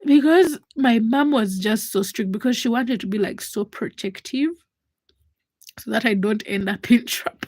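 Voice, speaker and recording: A woman chats casually on a livestream, telling a story and acting out the other people's voices. Her voice sits a little high and has a husky edge. The sound is close and dry, with no room around it. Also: moderate pace, a little mellow, no room sound. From Uganda. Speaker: livestream host.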